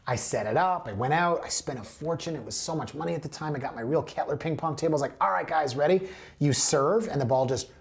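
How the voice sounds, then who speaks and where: A man's voice: a little high, quick pace, few pauses, slight background noise. A man hosting a real estate show, chatting casually through listings and drifting into playful tangents.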